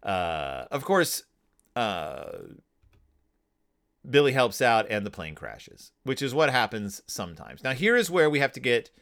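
A man hosting a podcast, casually talking through a children's book with frequent restarts and fillers. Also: mid-range voice. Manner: lively, halting with many restarts and fillers. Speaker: podcast host.

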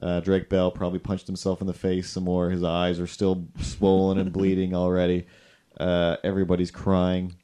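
A man's voice: deep voice, completely flat delivery, moderate pace, mellow, clean tone. A man hosting a podcast in casual, rambling, jokey chat, sometimes putting himself down. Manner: rambling, jokey, self-deprecating. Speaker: podcast host.

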